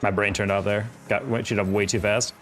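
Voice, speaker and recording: Young guy streaming, lowish voice, rambly casual chat, little music in the back. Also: steady tone, fairly quick, fairly bright tone. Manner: rambling, chatty, reacting to chat mid-game. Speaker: game streamer and coach. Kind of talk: casual live-stream chat while playing.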